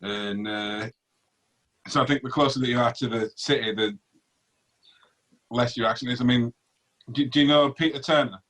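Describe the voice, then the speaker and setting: A man's voice: mid-range voice, normal speed, long pauses, fairly bright tone. A man co-hosting a casual chat, asking loose and playful questions.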